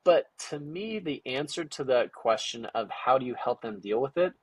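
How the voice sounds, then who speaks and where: Man, husky voice, dry close sound, chatty storyteller, acts out voices. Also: mid-range voice, moderate pace, no echo. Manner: animated, acts out quoted dialogue with many "like" fillers. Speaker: guest, parent of a young ninja athlete. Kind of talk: casual storytelling conversation.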